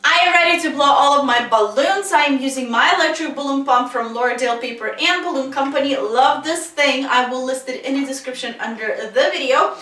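A woman with a high, bright-sitting voice walks viewers through a balloon craft project in a cheerful, direct way. She is sick, so a light rasp and the odd crack creep into her speech. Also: fairly quick, hardly any pauses. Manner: upbeat, addresses viewers directly, lists supplies. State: sick, voice may crack and sound raspy. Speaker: balloon decorating tutorial host. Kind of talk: casual tutorial narration.

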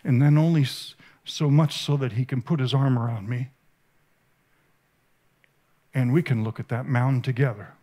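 A man giving a sermon at a conference, earnest and vivid, with halting restarts. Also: mid-range voice, steady tone, dark tone. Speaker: conference speaker. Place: conference stage.

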